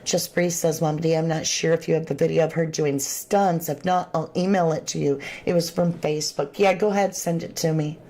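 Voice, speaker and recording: A woman with a drawl hosts a true crime livestream, greeting viewers and reacting to their comments. Her voice sits a little low, and she speaks loosely, with plenty of slang. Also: fairly quick, hardly any pauses. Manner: chatty, animated, Southern-tinged slang. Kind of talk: casual livestream chat reading viewer comments.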